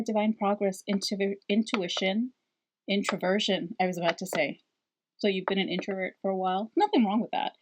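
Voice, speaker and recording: A woman's voice: medium pitch, slight background noise. A middle-aged woman giving a casual, reassuring spiritual card reading, rambling with fillers. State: out of breath. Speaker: tarot card reader.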